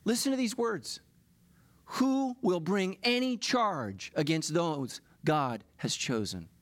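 Middle-aged pastor guy preaching, a bit high-pitched, jokey and self-deprecating then fired up. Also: expressive, slow, fairly bright tone, no echo. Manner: confessional and self-deprecating, building to impassioned preaching. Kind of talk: sermon.

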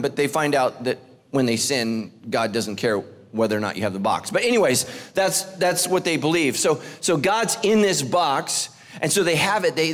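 A middle-aged male pastor delivering a comic sermon in a fairly high voice. He swings between bright, animated teasing and near-shouted punchlines, then sinks into a hushed, low tone for prayer. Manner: drops low and soft in prayer. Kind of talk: humorous sermon.

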